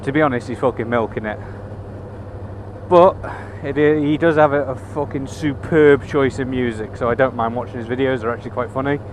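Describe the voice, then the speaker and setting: A man with a brisk, mid-range voice talks casually into a helmet cam while motorcycling through town. He curses freely and makes dry side comments over the road and engine noise.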